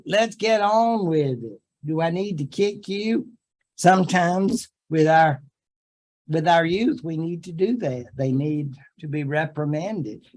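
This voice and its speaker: A man's voice: a little high, low-quality recording. An older man with a Southern US accent giving a history lecture to a classroom, chatty and humorous with folksy asides. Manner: chatty and humorous, acting out quotes in silly voices. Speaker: history professor. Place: classroom with students.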